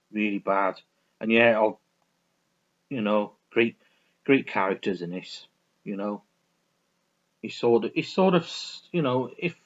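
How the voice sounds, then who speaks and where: A man talks through his favourite films in a loose, rambling way, restarting often and swearing now and then. His pitch moves a lot, rising and falling with his enthusiasm. The recording sounds dull and lo-fi. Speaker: film reviewer. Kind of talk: casual film review vlog.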